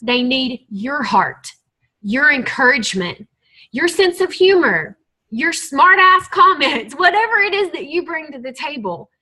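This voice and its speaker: A woman's voice: high-pitched, animated, measured pace, pushed and bright, low-quality recording. A woman leading a team call, giving an earnest, emotional motivational talk to her group. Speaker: team leader on a coaching call.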